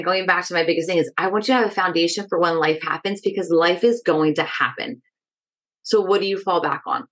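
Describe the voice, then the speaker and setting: Energetic woman, stress educator. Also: fairly low pitch. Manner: energetic and direct, keeps asking "right?". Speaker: stress management educator, podcast guest. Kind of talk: casual interview chat.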